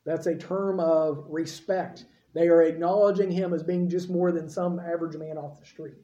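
A male preacher delivers a conversational sermon and often asks his listeners questions. His voice is mellow and soft. The sound rings in a roomy space. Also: fairly high pitch, level tone, normal speed, lo-fi sound. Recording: roomy echo.

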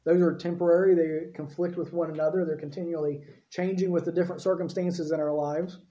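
A man's voice: on the high side, little pitch movement, fairly quick, mellow. Man preaching a sermon in an echoey room. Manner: conversational preaching, checks in with listeners. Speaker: pastor. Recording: echoey room, dull lo-fi sound.

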